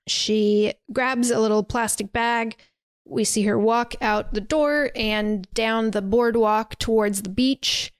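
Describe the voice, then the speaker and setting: A woman's voice: fairly high pitch, fairly even intonation, takes it slowly, clear, resonant tone, no echo. A young woman on a podcast, retelling a horror film casually, with lots of "like" and little laughs. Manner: chatty, many fillers like "like", laughs while retelling. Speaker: podcast host recapping a film. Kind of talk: casual film recap storytelling.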